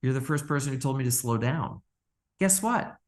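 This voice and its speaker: A man guest on a podcast interview, telling lively stories and acting out quoted dialogue with frequent laughs. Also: mid-range voice, normal speed. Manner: animated storyteller, acts out quoted dialogue, laughs often. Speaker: orthodontist guest.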